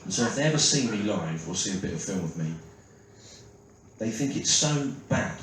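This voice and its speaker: Sardonic comic in an echoey theatre. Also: male voice, on the low side, animated, normal speed. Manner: sardonic, self-mocking, peppered with "right?" asides. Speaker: stand-up comedian. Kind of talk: stand-up routine. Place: large theatre stage. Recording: echoey theatre from far off, loud noise. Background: audience laughter.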